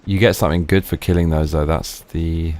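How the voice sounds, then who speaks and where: A man's voice: sits low, steady tone, fairly quick, darkish tone. A young man giving casual, swear-filled let's play commentary, muttering in slang as he plays. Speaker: gaming streamer.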